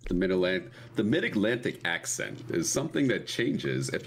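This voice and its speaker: A man's voice: low-pitched, very animated, moderate pace, a little hiss or hum. A man from Virginia co-hosting a casual chat, who explains things in a dry, matter-of-fact way. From Virginia, United States. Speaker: co-host of a gaming chat show.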